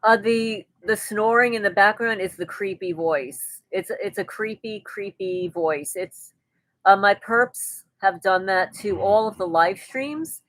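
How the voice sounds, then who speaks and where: A woman hosting a relaxed live stream, reading out viewer comments and replying in an easygoing, conversational way. Her voice sits at an ordinary middle pitch. The sound is close and dry, with no room echo. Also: measured pace. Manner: reads viewer comments aloud and answers them conversationally; chatty, with frequent restarts and light laughter. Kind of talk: casual live-stream chat.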